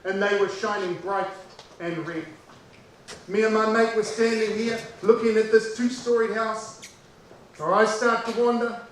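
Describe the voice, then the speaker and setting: A New Zealand man tells a childhood story with lively repetition and a notably high voice. He sounds far from the mic in a very echoey room. A faint hiss sits underneath. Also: unhurried. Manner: animated, repeating lines for effect.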